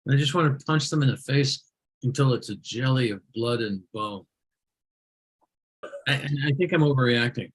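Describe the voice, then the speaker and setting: A man's voice: medium pitch, normal speed, long pauses, breathy edge. A man hosting a comedy show over a video call, roasting people with sarcastic jokes. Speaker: show host.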